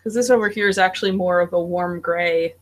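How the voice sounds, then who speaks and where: A woman's voice: lowish voice, fairly even intonation, brisk. A woman talking through her drawing session on a video call. She is chatty and loose, with plenty of "like" and "um" along the way. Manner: chatty, with fillers like "like" and "um". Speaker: artist in an online drawing group. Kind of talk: casual chat while drawing. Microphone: video call mic.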